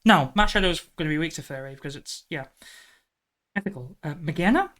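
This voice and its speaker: A woman's voice: deep voice, expressive, a little fast, fairly bright tone. A woman streaming live, thinking aloud through a guessing game and breaking into exasperated outbursts. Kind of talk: live stream chat while gaming.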